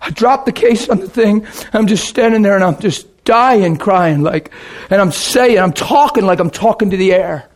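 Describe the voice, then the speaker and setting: A man preaching a sermon and telling his own conversion story, emphatic and dramatic, dropping to a hush and then shouting. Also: high-pitched, moderate pace. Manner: emphatic, dramatic, swings between hushed and shouting. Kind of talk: sermon with personal testimony.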